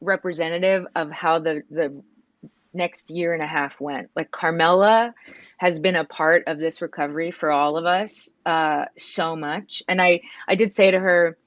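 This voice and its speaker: A woman in her thirties, a guest in an emotional interview, speaking softly and earnestly with many halting restarts. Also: low-pitched, dry recording. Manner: soft and earnest.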